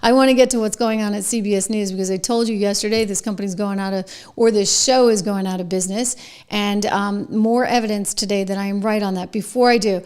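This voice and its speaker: A woman's voice: mid-range voice, steady tone, brisk, a little mellow, clean tone. A woman delivers news commentary in a mid-range voice. She talks with emphatic, sarcastic asides, leaning hard on her points. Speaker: host.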